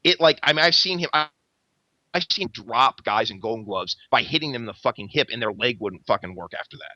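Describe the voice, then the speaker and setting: A man, a podcast host, telling a long story in casual chat, rambling and swearing constantly with lively energy. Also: mid-range voice, a little fast, dry recording. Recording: dull lo-fi recording.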